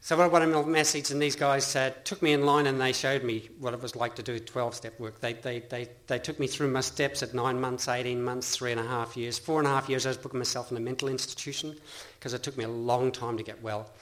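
A middle-aged Australian man speaks at a meeting, telling his own story in an earnest, rambling way. He often restarts his sentences and breaks into laughter, and his voice sits at an ordinary middle pitch. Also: flat delivery, a little fast, few pauses, a bit bright. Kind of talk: personal testimony talk.

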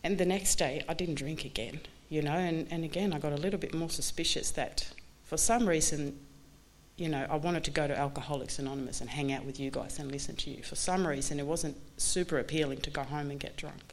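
A woman's voice: low-pitched, a little hiss or hum. Candid woman sharing a recovery story. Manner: candid, halting, many restarts and you-knows. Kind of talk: personal testimony talk.

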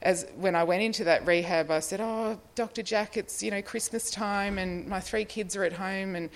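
A woman's voice: mid-range voice, steady tone, moderate pace. A middle-aged Australian woman in recovery, telling her own story in a rambling, self-deprecating way with frequent little laughs and fillers. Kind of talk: personal testimony, casual storytelling.

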